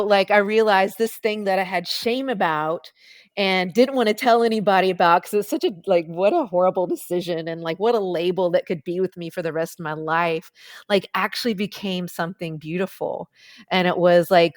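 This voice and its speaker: Podcast guest, woman, lowish pitch, candid storyteller, casual "like" fillers. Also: no echo, studio quality. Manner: chatty, many "like" fillers, lively quoted voices. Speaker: podcast guest, nonprofit founder. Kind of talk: personal storytelling in a podcast interview.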